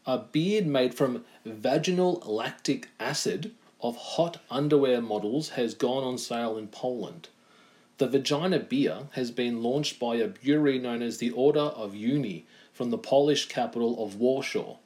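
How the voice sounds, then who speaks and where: A man's voice: medium pitch, moderate pace, a little mellow. Chatty male podcast co-host reading headlines. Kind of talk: casual chat, reading news aloud.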